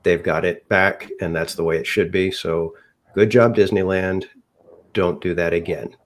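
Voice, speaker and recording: A man with a very deep, low-pitched voice talks casually as a podcast co-host. He rambles, hedges and restarts his sentences a lot as he works out what he means. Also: steady tone, moderate pace. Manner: rambling, hedging with many restarts. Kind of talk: casual chat.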